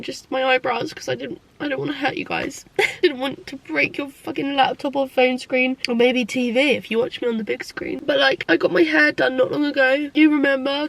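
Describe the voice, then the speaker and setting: A high, light voice carries this young British woman's confessional vlog. She talks to the camera in a candid, rambling way, packs her sentences with fillers and swears freely, and sounds tearful at times. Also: vocal fry, a bit bright. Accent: British English. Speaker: vlogger.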